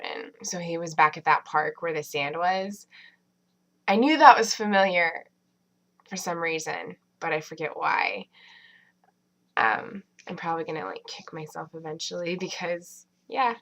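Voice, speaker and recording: A woman talks through a TV episode at home in an easygoing, meandering way, filling pauses with fillers and circling back on herself. Her voice sits a little low for a woman, yet it comes across bright and forceful. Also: rough recording. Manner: chatty, many fillers and restarts. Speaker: TV episode reviewer. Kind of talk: casual rambling review.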